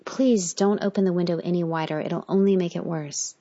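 A woman's voice: on the low side, fairly even intonation, brisk, dark tone, dull audio, natural voice. A woman reading the lines of an annoyed, tired young woman in a clipped, exasperated way.

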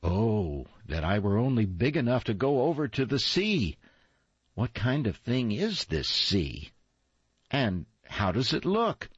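Storybook role: restless young fir tree, read by a man, eager and questioning, husky tone. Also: mid-range voice, big pitch swings, slow pace, no echo, exaggerated voice. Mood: wondering. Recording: dull lo-fi, dry.

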